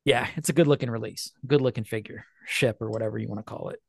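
A man's voice: medium pitch, fairly even intonation, quick pace, creaky, husky, dry recording, studio quality. A man co-hosting a casual chat, joking, laughing often and doing silly quoted voices. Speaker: podcast co-host.

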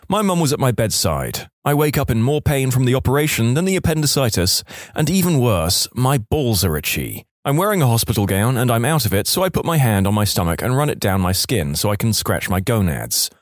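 A man narrating online stories aloud with wry, expressive storytelling. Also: medium pitch, fairly quick, no echo, clean studio sound.

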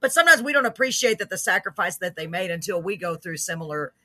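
A man's voice: high-pitched, expressive, bright, forceful tone, no room sound, clean studio sound. A man hosting a casual podcast interview, affirming and sympathetic toward his guest. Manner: affirming, sympathetic, quick to agree. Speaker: podcast host.

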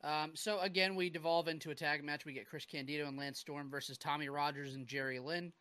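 A man's voice: fairly high pitch, a little fast, clear, resonant tone. A young man hosting a podcast who recaps matches steadily and hands over to his co-hosts. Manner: steady recapping, gives ratings, asks co-hosts. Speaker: podcast host. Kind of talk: casual recap.

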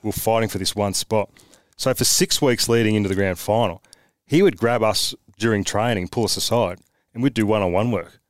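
An Australian man with a fairly low voice tells lively, blunt stories from his playing days, mild swearing and all. The sound is dry and close, with no room around it. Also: a little fast, no echo. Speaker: podcast guest, former footballer. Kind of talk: casual storytelling chat.

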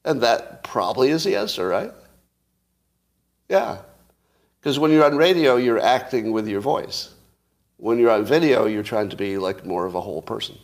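A man's voice: medium pitch, lively intonation, normal speed, pauses often. A man hosting a casual solo commentary, musing aloud, asking rhetorical questions and chuckling to himself. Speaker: show host commentator.

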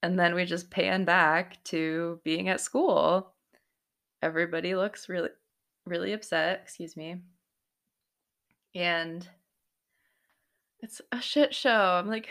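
A woman's voice: lowish voice, steady tone, slow, gravelly, pauses often, fairly bright tone. A young woman recapping a TV episode in casual, chatty talk, swearing freely and breaking into exclamations. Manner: chatty and profane, exclaiming in bursts. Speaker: TV recap host.

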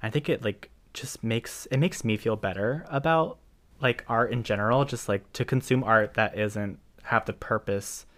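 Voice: medium pitch, moderate pace, a bit bright. Giggly, rambling podcast co-host. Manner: rambling, lots of "like" and laughter. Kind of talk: casual chat about film.

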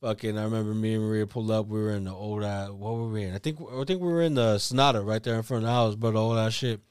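A man's voice: fairly low pitch, steady tone, quick pace, a little mellow, smooth, no echo, clean studio sound. A man telling rambling, profane stories in casual podcast chat. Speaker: podcast co-host.

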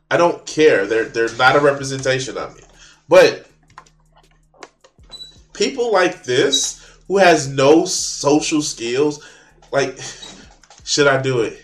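A man's voice: medium pitch, fairly bright tone. A man hosting a reaction video, ranting casually with mocking sarcasm and a lot of swearing. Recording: echoey room.

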